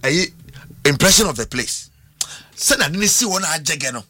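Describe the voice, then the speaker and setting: Ghanaian male radio host, brisk and bright, playful and code-switching. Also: slightly rough, no echo. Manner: lively, switches between languages, jokey, jumps up in pitch. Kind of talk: casual banter and birthday shout-outs.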